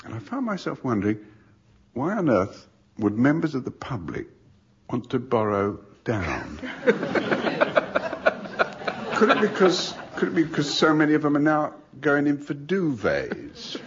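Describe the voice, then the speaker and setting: A man's voice: fairly high pitch, huge pitch swings, a little slow, long pauses. A man delivering a dry, wry comic monologue, musing aloud on a radio panel show. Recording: dull radio recording with faint noise.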